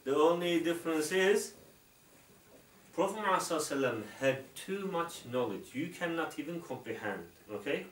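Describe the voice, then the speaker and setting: Halting man in an echoey room. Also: fairly high pitch, lively intonation, a little hiss or hum. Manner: halting, filler-heavy, keeps checking with "okay?". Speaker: Islamic instructor. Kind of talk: explaining to an interviewer. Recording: roomy, distant mic.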